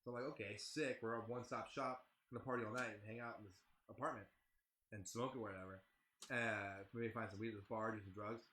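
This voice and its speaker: A man's voice: on the low side, fairly even intonation, quick pace, reverberant, background noise. A man telling a rambling, profane story in casual chat, with a lot of "like". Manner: rambling, heavy swearing, lots of "like". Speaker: band member telling a tour story.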